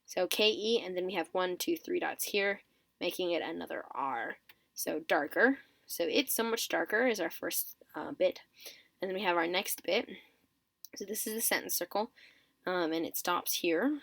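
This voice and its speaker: A woman's voice: on the low side, creaky, fairly bright tone, no room sound. A woman teaching a writing system step by step, counting items aloud, correcting herself, and sounding a little sleepy. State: sleepy, yawning. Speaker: teacher of a constructed script. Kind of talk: step-by-step explanatory tutorial.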